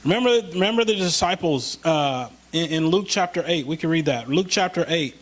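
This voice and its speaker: A male pastor preaching a conversational sermon in a church, slowing down for scripture and rising when he voices a plea. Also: fairly high pitch, animated. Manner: conversational, slows for scripture, rises when pleading.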